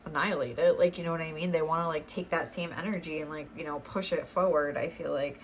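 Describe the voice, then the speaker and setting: A woman's voice: lowish voice, fairly even intonation, a little fast, hardly any pauses, a little hiss or hum. Chatty young woman reading tarot. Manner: chatty, many fillers, laughs often. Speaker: tarot reader.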